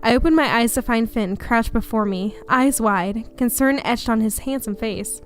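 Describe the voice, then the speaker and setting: A woman hosts a let's play from home, reading a story game aloud in a chatty, giggly way and wandering off into side remarks. Her voice sits fairly high, and faint music plays beneath her. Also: normal speed, few pauses. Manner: chatty, giggly, easily sidetracked. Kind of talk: casual narration and chat. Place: home room.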